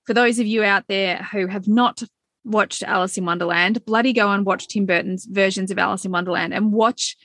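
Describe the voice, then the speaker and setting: Woman, excitable and effusive, casual chat, dry close mic. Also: medium pitch, moderate pace, no room sound. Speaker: tarot reader guest.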